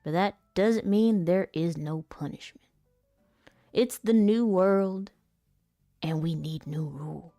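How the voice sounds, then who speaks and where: A woman voicing a stern, tough leader, pushing her delivery deeper and graver for a voice acting demo read-through. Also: steady tone, measured pace, gravelly, mellow, no room sound, studio quality, faint music behind.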